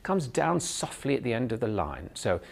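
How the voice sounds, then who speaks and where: Gravelly Canadian man teaching voice. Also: mid-range voice, sing-song, normal speed. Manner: clear, patient explaining with demonstrations. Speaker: drama professor, voice and speech teacher. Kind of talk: instructional video lesson.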